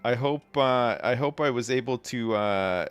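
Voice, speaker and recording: A man's voice: medium pitch, a little slow, clean tone, faint music behind. A man hosting a livestream, casually commenting on his gameplay, rambling and self-deprecating, and reading game text aloud. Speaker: livestream host.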